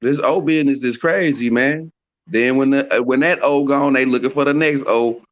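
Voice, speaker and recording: Male co-host, slow drawl, mid pitch, slightly muffled lo-fi sound. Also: fairly even intonation. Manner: drawling, slow, ends phrases with man. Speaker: boxing podcast co-host. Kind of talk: casual chat.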